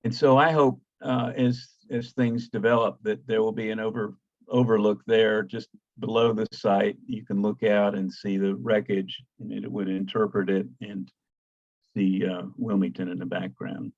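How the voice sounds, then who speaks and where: Older man lecturing with halting restarts. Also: fairly low pitch, flat delivery, no echo, muffled recording. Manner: halting, many fillers and restarts; cues slides with "next". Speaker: guest lecturer, archaeologist. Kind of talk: slide presentation talk.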